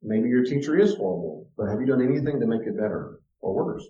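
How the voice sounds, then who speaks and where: Warm and expressive, a middle-aged man of medium pitch speaks a little fast as he gives a parenting lecture. He shares anecdotes about raising his son, repeating words to stress them, captured in a distant, roomy, dull archive recording.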